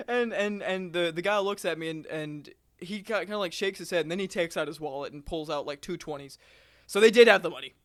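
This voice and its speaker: A young man telling a work story on a casual podcast, animated and laughing often as he acts out the people in it. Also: high voice, brisk. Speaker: podcast co-host.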